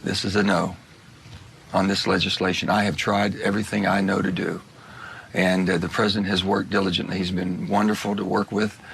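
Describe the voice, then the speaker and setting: A man, a politician answering in a TV interview, speaking firmly and repeating his point in a measured way. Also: deep voice, flat delivery, vocal fry, fairly bright tone, slight background noise.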